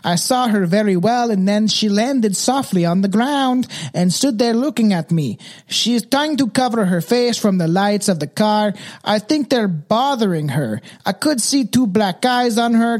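A shaken policeman speaks in a put-on Mexican accent, as a podcast host puts him on. His voice sits high and he draws out his words slowly, as if still seeing what he describes. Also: expressive. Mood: spooked. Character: male police officer recounting a scary encounter.

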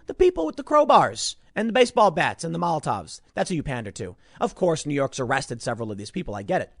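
Animated, ranting male commentator. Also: a little high, dry recording, clean studio sound. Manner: emphatic, ranting, repeats words. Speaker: political commentator. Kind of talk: opinion monologue.

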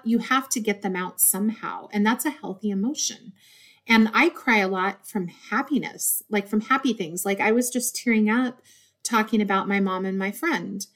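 A woman hosting her own podcast, talking earnestly from the heart and getting teary, in a loose rambling monologue. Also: medium pitch. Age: adult with a desk job. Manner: warm, earnest, easily moved to tears. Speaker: podcast host.

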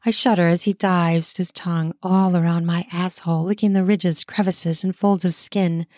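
A woman narrating an audio story in the first person, with a brisk, intimate telling. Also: on the low side, fairly even intonation, darkish tone, no echo, studio quality.

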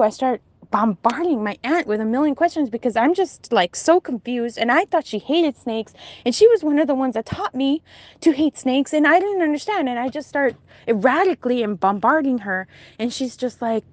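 A young woman telling a dream story casually, in a breathless, animated way, quoting the people in it. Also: sits high, normal speed, no room sound. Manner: breathless, animated retelling with quoted dialogue.

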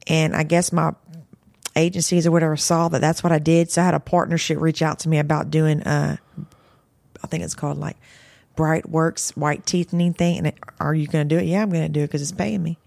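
A woman's voice: sits low, little pitch movement, a little fast, vocal fry, a little mellow, dry recording. A chatty woman talks as a podcast guest and laughs often. She cuts in when a thought strikes her. Her voice is recorded dry and close on a studio microphone. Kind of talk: casual chat.

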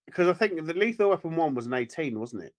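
A man co-hosting a casual podcast, chatty and quick to jump in. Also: fairly high pitch. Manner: animated, chatty, jumps in. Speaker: podcast co-host. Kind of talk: casual chat.

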